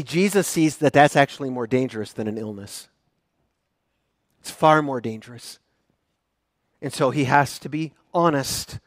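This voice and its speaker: A man's voice: medium pitch, dry recording. A pastor preaching a sermon, a man who retells the scripture story with growing emphasis.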